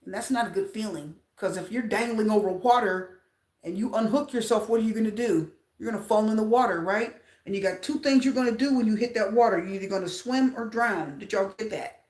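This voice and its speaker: This tarot reader has a medium-pitched voice and talks a little fast, with a roomy sound around her. Her casual reading is lively, aimed straight at viewers, with phrases repeated for emphasis.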